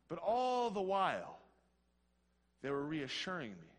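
Earnest guy giving a devotional, slightly high voice, big echoey hall. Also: unhurried, long pauses. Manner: earnest, storytelling, swings from hushed to excited. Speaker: speaker at a Christian health ministry. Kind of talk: devotional talk with personal story.

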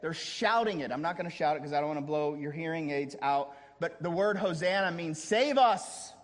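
A man preaching a sermon as a pastor, dramatic, dropping to a hush and then rising to a shout, with casual joking asides. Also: fairly high pitch, brisk, big-room sound.

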